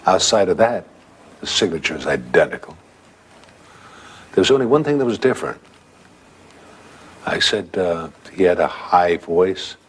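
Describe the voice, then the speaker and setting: A man's voice: sits low, big pitch swings, moderate pace, pauses often, husky. An older man telling a ghost story from his own life in a conversational way.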